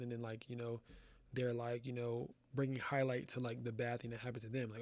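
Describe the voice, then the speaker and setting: Young male class host, gravelly and dry-sounding, loose rambling slang. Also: medium pitch, flat delivery, fairly quick, no echo. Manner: loose, rambling, slangy, says "bro" a lot. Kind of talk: casual live-stream chat. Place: his photo studio.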